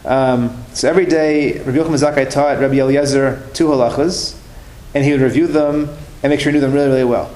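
A man's voice: medium pitch, fairly even intonation, fast, a little mellow. A man telling religious stories in a class, in a conversational way that repeats and restarts phrases. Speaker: religious teacher. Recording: roomy room with faint noise.

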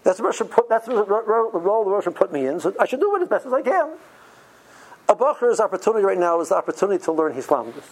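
A man teaching yeshiva students in an informal, animated Torah lecture, often stumbling and restarting his words. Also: sits high, fast, husky, rough recording. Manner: animated, stammering restarts, uses Yiddish and Hebrew study terms.

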